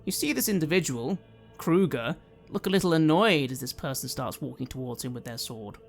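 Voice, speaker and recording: A man narrating a tabletop role-playing game as game master, measured and descriptive. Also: fairly high pitch, expressive, creaky, faint music behind.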